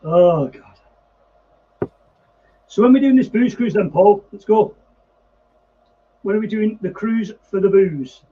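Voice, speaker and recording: A man's voice: high-pitched, expressive, takes it slowly, pauses often. A man co-hosting a casual live chat, swearing freely and trading blunt banter. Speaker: regular co-host. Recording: dull lo-fi sound with faint noise.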